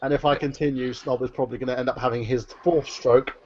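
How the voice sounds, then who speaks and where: A man's voice: medium pitch, fairly even intonation, fast, dull audio. Man joking on a call. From London. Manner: joking, teasing banter. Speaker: guest. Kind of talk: casual group chat.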